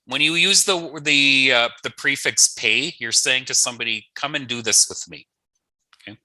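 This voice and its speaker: Bright-voiced patient male language teacher. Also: medium pitch, normal speed, dry recording, poor audio. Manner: patient, repeats each word twice, playful asides. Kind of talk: online language lesson.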